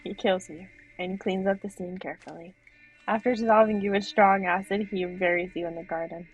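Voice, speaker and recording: Streaming a horror game, a young woman reads the on-screen text aloud and laughs in reaction, her husky voice animated, medium-pitched, and brisk. Soft music plays behind her, and the audio quality is poor.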